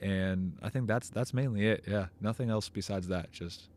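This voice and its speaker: A man, a professional soccer player, answering interview questions casually with halting, hesitant phrasing. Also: fairly low pitch, a little mellow.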